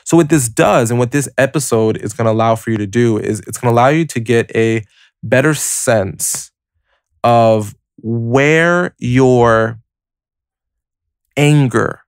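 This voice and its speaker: Speaking to his audience directly, a man hosts a motivational podcast in a creaky, medium-pitched voice, recorded to studio quality with no echo. He explains things step by step in a lively, conversational way, constantly dropping "like" and "you know."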